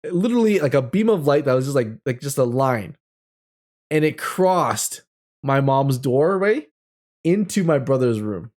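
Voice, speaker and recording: Male, 30s, host recounting a childhood ghost story; expressive, chatty, rambling delivery. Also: mid-range voice, unhurried. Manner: animated storytelling with frequent laughter and fillers. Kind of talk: telling a personal ghost story.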